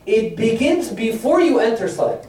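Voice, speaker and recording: A man's voice: extremely high pitch, big pitch swings, normal speed, warm tone. Echoey far-off man teaching Quranic verses. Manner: fires rhetorical questions and acts out quoted voices. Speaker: religious teacher. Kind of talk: lecture explaining Quranic verses.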